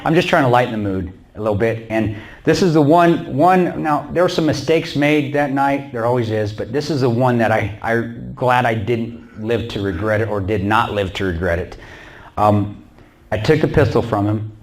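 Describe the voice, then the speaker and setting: A man giving a storytelling talk to an audience in a church. He is animated, acts out the dialogue and laughs often. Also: medium pitch, normal speed. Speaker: guest speaker.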